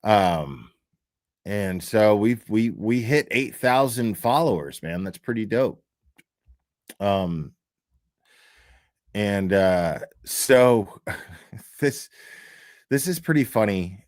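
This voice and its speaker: A man's voice: fairly low pitch, animated, drawn-out words, long pauses, a little mellow. A man hosting a casual livestream, rambling loosely with lots of fillers and easy laughs. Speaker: livestream host.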